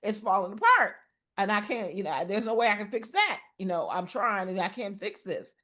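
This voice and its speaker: On a podcast, a middle-aged female guest with a medium pitch and sharp tone talks earnestly about mental health in a personal exchange. She tends to pause and restart what she's saying.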